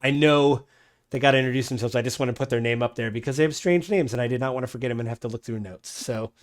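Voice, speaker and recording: A man's voice: medium pitch, quick pace. A man narrating as game master of a tabletop game online, rambling with many ums and restarts.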